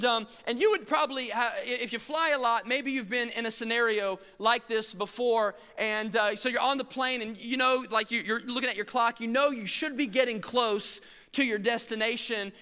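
Man, pastor, sermon, crisp resonant voice, long reverb. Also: very high-pitched, moderate pace, few pauses. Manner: animated storytelling, acting out scenes.

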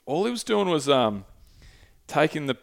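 A man's slightly high, gravelly voice moves in a sing-song way at a moderate pace as he hosts a podcast. He has an Australian accent, and his casual chat rambles, with plenty of swearing and a tendency to lose the thread.

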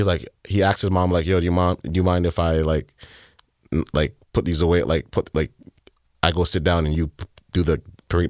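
A man in his thirties with a very low voice, recorded close and dry with no room sound. As an interview guest he tells a personal story in halting, filler-heavy speech and acts out the lines of other people. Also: a little mellow, no echo. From Canada. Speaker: music producer, guest.

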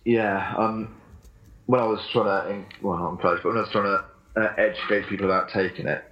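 A very low, deep-voiced man in his thirties chats as a podcast guest, pausing on frequent ums and chuckling between points. The sound is dull and lo-fi, like a muffled call recording. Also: fairly even intonation. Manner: hesitant, many ums, chuckles often. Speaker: podcast guest, sponsored fitness athlete. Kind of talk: casual podcast interview.

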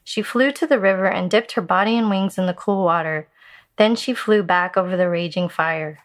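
A woman telling a Buddhist fable in a measured storytelling voice that slows for emphasis. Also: fairly low pitch.

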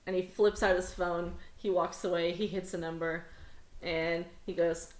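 A woman's voice: lowish voice, flat delivery, a little slow. A woman running a tabletop game as game master, narrating scenes in a casual, laid-back way. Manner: casual, laughs easily, vivid scene narration. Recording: roomy echo with faint music.

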